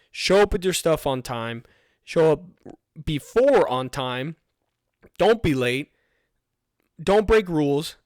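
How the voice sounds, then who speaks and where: An earnest young man speaks in a fairly high voice, delivering a motivational podcast talk. He hammers home short rallying commands with steady emphasis. The sound is close and dry, with no room around it. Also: no echo. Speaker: fire recruit podcast host.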